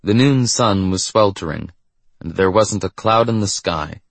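A man reads a novel aloud in a measured, steady way. His voice is low with a husky grain, recorded close and dry. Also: dry recording. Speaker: audiobook narrator. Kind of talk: scripted narration.

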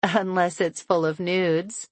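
A woman voicing Kat, a friend who gently coaxes and teases. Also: on the low side, steady tone, slow pace, dry recording. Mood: coaxing. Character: warm, playful woman friend.

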